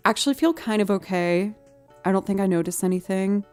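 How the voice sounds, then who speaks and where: A woman musician chatting on her live stream at home, telling stories with frequent laughter and cooing softly to her pet. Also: medium pitch, a little fast, soft background music. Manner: animated, laughing often while telling stories; soft and cooing when talking to her pet. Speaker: musician livestreamer. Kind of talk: casual storytelling chat on a live stream.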